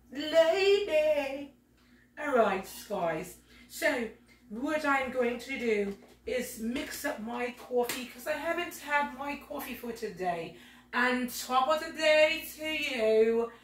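Woman voicing a genteel tea-time lady, raised pitch, slow drawn-out sing-song, echoey room, heard from a distance. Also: a little hiss or hum. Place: home kitchen.

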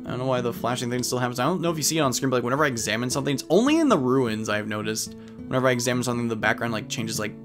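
A man's voice: mid-range voice, very fast. Chatty man narrating gameplay over guitar music. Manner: chatty, reads game dialogue aloud, flat asides. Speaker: let's play commentator. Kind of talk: casual gameplay commentary. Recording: guitar music playing behind.

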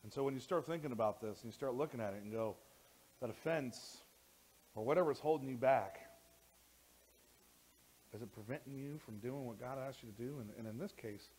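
A man preaching a sermon as pastor in a church, animated, with frequent repeated words and restarts, sometimes rising close to a shout. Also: mid-range voice, fairly quick, long pauses, breathy edge, poor audio. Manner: animated, rising to near shouting when worked up.

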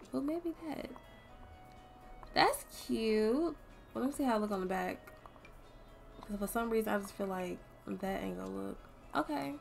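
Young woman, streamer, gravelly fry, casual game commentary, swears freely, faint music behind. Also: medium pitch, a little mellow. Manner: chatty, swears freely, talks to viewers.

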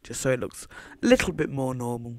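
A man's voice: mid-range voice, animated, brisk, a little mellow, no room sound. Guy, mid voice, dry booth-like sound, chatty thinking-aloud game commentary. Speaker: Minecraft builder commentating his own footage. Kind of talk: casual gameplay commentary.

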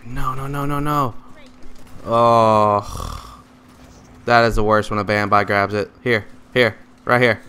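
A young man giving excitable gameplay commentary, trash-talking teammates and swinging between loud outbursts and mutters. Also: fairly low pitch, slow pace, long pauses, smooth. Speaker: gaming YouTuber.

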